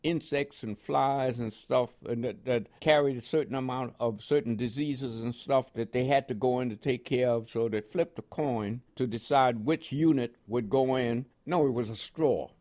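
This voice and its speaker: A man's voice: mid-range voice, moderate pace, few pauses, darkish tone. An older American man reminisces in a radio interview. He rambles and circles back, leaning on fillers and restarts as the stories unfold. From United States. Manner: rambling storytelling with frequent fillers. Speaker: guest.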